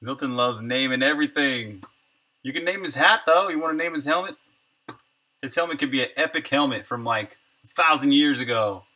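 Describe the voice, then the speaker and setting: Game dev on a live stream, very bright cutting tone, muttering thoughts aloud as he works. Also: medium pitch, fairly quick. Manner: thinks aloud, trailing off and muttering numbers. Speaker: indie game developer streaming his work. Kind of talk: casual livestream chat while working.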